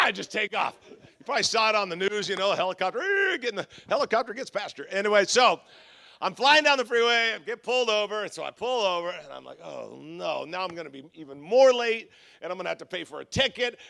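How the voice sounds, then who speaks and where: Bright-voiced pastor telling funny stories. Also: male voice, sits high. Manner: humorous storytelling with quoted voices. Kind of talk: conference sermon. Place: church conference stage.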